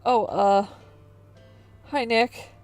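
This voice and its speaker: A woman's voice: fairly high pitch, steady tone, very slow, soft background music. A woman voicing a nervous young adult apartment caretaker who stammers and rambles.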